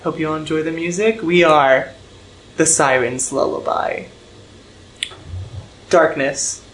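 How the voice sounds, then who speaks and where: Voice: mid-range voice, fairly even intonation, takes it slowly, a bit bright, poor audio. An ambitious male bard steps up and introduces himself to the crowd, voiced by a player at the table. He speaks in a stage-announcer way, broken up with hesitant ums. There is faint room noise. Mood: showman.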